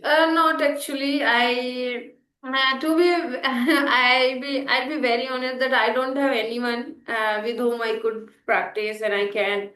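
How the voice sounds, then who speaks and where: Young woman, English practice chat, halting and unsure, high voice. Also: steady tone, fairly bright tone, roomy sound. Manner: hesitant, many fillers and restarts. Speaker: English learner in a practice conversation. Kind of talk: casual spoken English practice.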